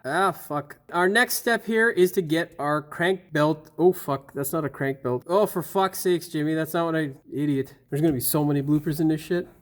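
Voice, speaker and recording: Man, middle-aged, high-pitched, car repair host, curses a lot, keeps flubbing lines. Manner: swears often, flubs lines and restarts, laughs at himself. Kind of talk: blooper reel of voice-over takes.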